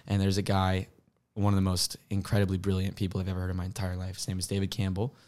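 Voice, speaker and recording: Earnest young man, low casual voice. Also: completely flat delivery, quick pace, a little mellow. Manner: earnest, open, casual slang. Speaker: podcast co-host. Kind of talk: candid faith podcast chat.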